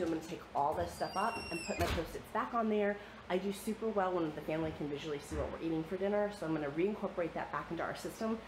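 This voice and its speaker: A woman's voice: lowish voice, reverberant, background noise. A young woman with a slightly nasal, sniffly voice, chatting casually through a home kitchen vlog with lots of ums. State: coming down with a cold. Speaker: vlogger.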